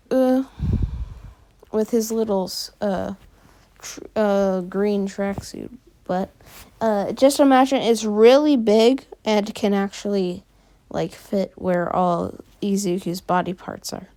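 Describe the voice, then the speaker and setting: A woman casually narrating a fan story, filling pauses with frequent "uh"s. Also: medium pitch, dark tone.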